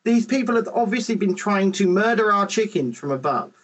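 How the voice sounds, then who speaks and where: Husky, animated male podcast host. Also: high-pitched, brisk, poor audio. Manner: animated and rambling, lots of restarts. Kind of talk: casual chat. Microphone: podcast microphone.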